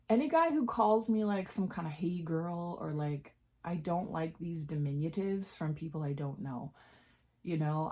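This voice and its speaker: A creaky, darkish-toned woman talks openly in a makeup vlog as she gets ready. Her pitch leaps upward now and then, and some remarks drop to a half-whisper.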